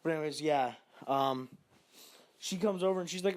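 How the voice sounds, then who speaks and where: A man's voice: mid-range voice, moderate pace, darkish tone. A young man telling a personal story to camera, casual and profane, full of fillers and asides. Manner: profane, rambling, lots of fillers. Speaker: vlogger.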